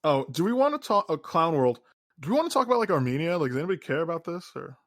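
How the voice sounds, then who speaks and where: Rambling higher-voiced man, dry sound. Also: very animated, rapid-fire, dry recording. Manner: rambling, profane, lots of fillers. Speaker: podcast co-host. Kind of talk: casual political chat.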